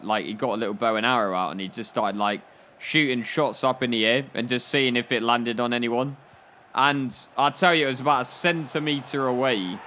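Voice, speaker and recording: A man's voice: medium pitch, bright, forceful tone, slight background noise. A young man commenting on his football game, spinning rambling, jokey stories full of "like". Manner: rambling, jokey storytelling with frequent "like". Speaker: gaming YouTuber. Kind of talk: comedic gameplay commentary.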